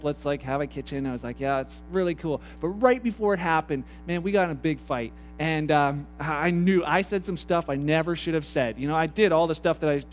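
A middle-aged man from Canada preaching a conversational sermon as a pastor, repeating phrases and acting out little dialogues. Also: on the high side. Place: church hall.

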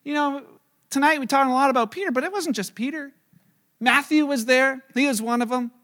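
High-voiced man preaching with lively storytelling. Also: fairly quick. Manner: lively storytelling, acting out scenes; chuckles while talking. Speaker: pastor. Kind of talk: sermon.

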